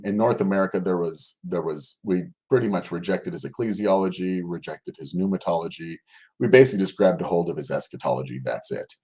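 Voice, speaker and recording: A male scholar explains his subject in an interview with a fairly low voice. He speaks in a halting, thinking-aloud way, often breaking off and restarting a sentence before carrying his point through. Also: darkish tone. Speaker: guest scholar. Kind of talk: conversational explanation.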